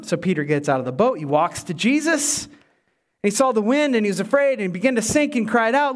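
A man preaching a sermon as pastor, animated and voicing the people in the story as he goes. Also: on the high side, normal speed. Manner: animated preaching, voices Bible characters.

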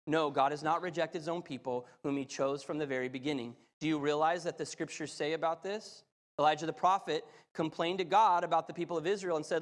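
Impassioned high-voiced male preacher, reverberant hall. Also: a little fast. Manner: impassioned storytelling, rising to loud excitement. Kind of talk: sermon with Bible reading.

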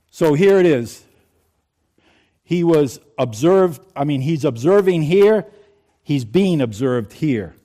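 A man's voice: medium pitch, dark tone. A man preaching a sermon in a conversational way, asking his congregation questions. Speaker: pastor.

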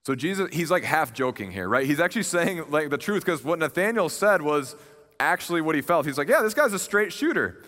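A man's voice: a little high, expressive, a little fast, sharp tone. A young man preaching a sermon in a conversational, earnest way, retelling a story with animation. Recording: long reverb of a large hall.

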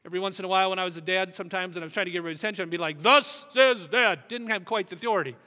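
Bright-voiced pastor preaching in a hall. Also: male voice, sits high, fairly even intonation. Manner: emphatic, stretches key phrases slowly. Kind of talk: sermon. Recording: long reverb of a large hall.

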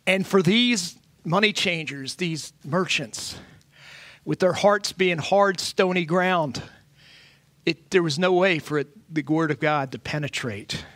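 Man, middle-aged, pastor, sermon, high voice, earnest and halting, dry close sound. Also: a bit bright, no room sound. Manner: earnest, halting with frequent restarts.

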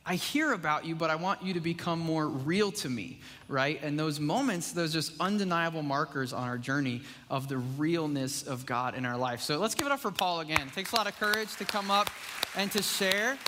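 A preacher with a fairly high, pushed and bright voice delivers a casual, conversational sermon at a moderate pace, leaning on "like" and "right?" with the congregation. A long reverb from the church sanctuary surrounds him.

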